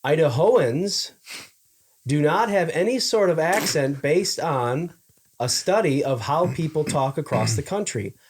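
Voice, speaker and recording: A man co-hosting a casual podcast, reading out trivia facts slowly and joking with friends. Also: fairly high pitch, expressive, slight background noise. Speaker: podcast co-host. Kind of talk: casual chat.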